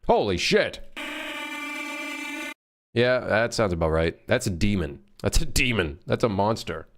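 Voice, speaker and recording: Man, casual live-stream commentary, low gravelly voice, excitable, swears a lot. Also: moderate pace. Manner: excitable, swears and jokes while working. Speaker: game developer streaming.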